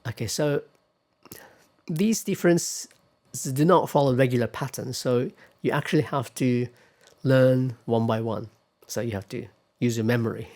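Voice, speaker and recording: A man's voice: medium pitch, moderate pace, a little mellow. A man giving a classroom lecture on pronunciation, patiently explaining step by step and putting questions to his students.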